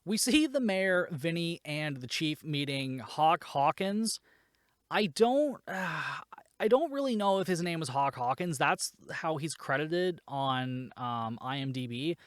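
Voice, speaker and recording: A man's voice: fairly high pitch, lively intonation, measured pace, dry recording, clean studio sound. A man hosting a podcast, recapping a film in a casual, rambling way, exasperated and swearing, with lots of fillers. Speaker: podcast host.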